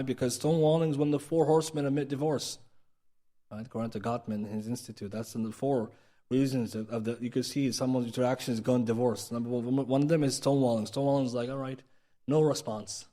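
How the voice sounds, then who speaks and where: Male teacher, mid pitch, quick delivery, chatty lecture style that checks in with the audience. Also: steady tone, mellow. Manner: conversational, asks the audience "right?" often, acts out quoted speech. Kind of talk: recorded mosque class lecture. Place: mosque.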